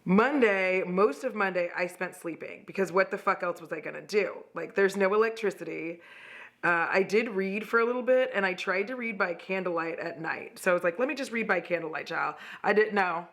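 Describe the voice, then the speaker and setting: A woman's voice: medium pitch, a little fast, a bit bright. A young woman from Texas chatting candidly and profanely at home while doing her makeup, rambling through a personal story. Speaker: beauty vlogger.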